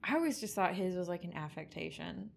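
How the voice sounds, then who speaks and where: A woman with a slightly low-pitched voice, chatty and sardonic as she co-hosts a loose film recap. She swears freely and keeps things conversational. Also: lively intonation, brisk, gravelly, slight background noise. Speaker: podcast co-host. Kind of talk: casual chat recapping a film.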